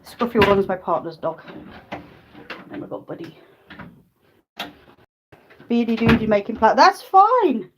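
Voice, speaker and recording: Heavy background noise surrounds a woman speaking in an unhurried, mid-range voice with long pauses. Livestreaming from her phone in the living room of her rented house, she chats casually with viewers, drifts off topic, and calls her dogs. She begins holding the phone and later uses a stand.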